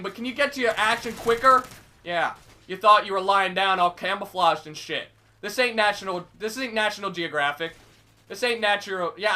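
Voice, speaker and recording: Young man ranting over gameplay. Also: very high-pitched. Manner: excitable, swings between mumbling asides and yelling rants. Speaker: gaming commentator. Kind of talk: gameplay commentary and casual chat.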